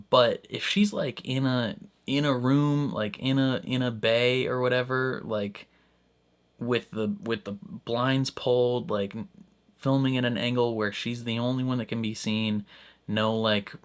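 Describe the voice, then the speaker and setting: A man giving casual reaction commentary on a show, rambling and full of fillers, often laughing. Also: mid-range voice. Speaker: reaction video host.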